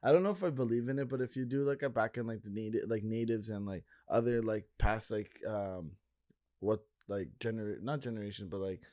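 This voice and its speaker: A man's voice: on the low side, a little fast, darkish tone, dry recording. Rambling young man, dry close sound. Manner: rambling, lots of "like" fillers. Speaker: podcast co-host. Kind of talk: casual chat.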